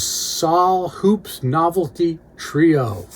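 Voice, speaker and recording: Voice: medium pitch, drawn-out words, few pauses. A record collector casually talking through an unboxing, reading out record titles with brief remarks on each.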